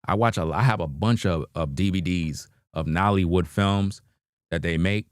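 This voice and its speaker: In a dry, clean studio recording, a deep-voiced New Yorker hosting a livestream chats casually while reacting to videos at a moderate pace. He keeps it laid-back with slang, chuckling and frequently tossing in "you know what I mean."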